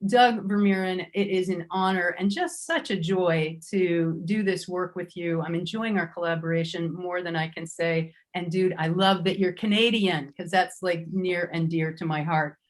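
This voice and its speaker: A woman's voice: on the low side, steady tone, normal speed, hardly any pauses. A woman hosting an online summit, introducing speakers in an effusive, chatty way with frequent self-corrections. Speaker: summit host.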